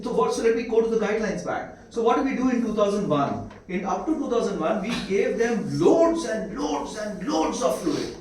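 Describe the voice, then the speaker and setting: High-voiced Indian man lecturing in an echoey room. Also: a little mellow. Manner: keeps quizzing the audience with rhetorical questions. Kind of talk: medical lecture to students. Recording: echoey room, mic far off, faint hiss.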